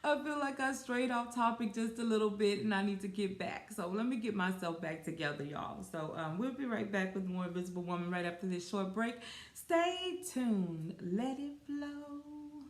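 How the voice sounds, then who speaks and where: A woman's voice: mid-range voice, brisk, hardly any pauses, reverberant. A woman hosting her own podcast, talking casually and giggling often as she addresses listeners as y'all. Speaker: podcast host. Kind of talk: casual solo podcast talk.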